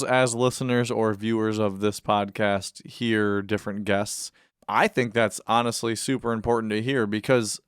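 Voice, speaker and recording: A man's voice: medium pitch, clean tone, no room sound, clean studio sound. A man hosting a podcast interview, friendly and encouraging, who laughs easily. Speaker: podcast host. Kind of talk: casual interview chat.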